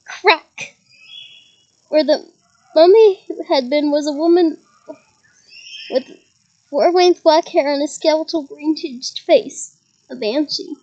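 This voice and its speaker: A woman reads a novel aloud to her listeners with a lively touch, chuckling now and then and adding side comments. Her voice sits high. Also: slow, long pauses, highs cut off. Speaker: reader.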